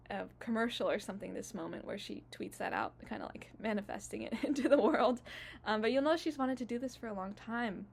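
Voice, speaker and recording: A woman's voice: mid-range voice, slight background noise. A woman in her twenties recapping casually for her vlog, gushing and emotional, full of fillers. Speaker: YouTuber.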